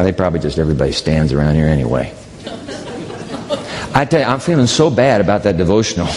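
A man's voice: low-pitched, darkish tone. A man preaching, telling a story in a candid, rambling way that restarts often. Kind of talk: sermon storytelling. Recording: long reverb in a large hall.

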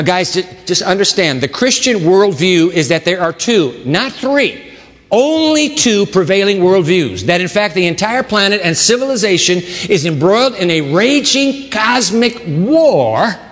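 Animated high-voiced male preacher in a reverberant hall. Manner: dramatic, swings from loud to hushed low emphasis. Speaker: pastor. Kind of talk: sermon. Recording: long reverb of a large hall.

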